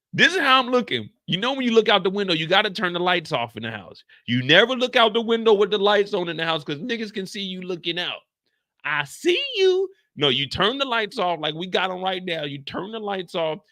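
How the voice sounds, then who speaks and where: Bright-voiced male host, comedic reaction, jokey riffing, big pitch swings. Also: very animated, moderate pace, no echo, studio quality. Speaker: show host. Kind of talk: comedic TV after-show reaction.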